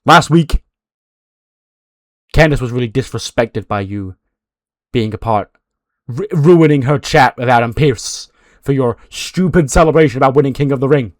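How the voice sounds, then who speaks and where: A man voicing an indignant male wrestler who speaks raised, aggrieved and rushed. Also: mid-range voice, no room sound, clean studio sound, close to an everyday voice. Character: indignant young male wrestler, defending wife.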